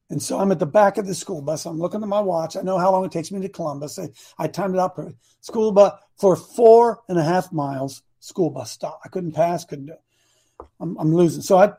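Husky high-voiced man preaching a story. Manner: animated, shouts for emphasis. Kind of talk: storytelling sermon.

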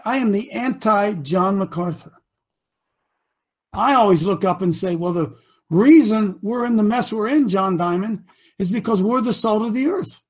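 A man leading a group as their coach, preaching with passion, often stammering over his words and sometimes shouting. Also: very high voice, husky. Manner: impassioned, stammering restarts, shouts at times. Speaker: group leader called Coach.

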